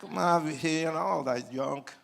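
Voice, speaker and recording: A man's voice: on the high side, moderate pace, gravelly, some chatter behind, slight background noise. An older man from Puerto Rico telling his life story dramatically to an audience, acting out quoted lines and joking with listeners. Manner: acts out quoted lines, swings from hushed to loud; jokes with the audience. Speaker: speaker giving his testimony.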